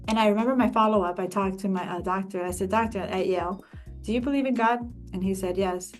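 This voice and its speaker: A woman host telling a personal story in casual conversation, emphatic and animated, with many restarts. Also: mid-range voice, fast talker, faint music behind. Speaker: podcast host.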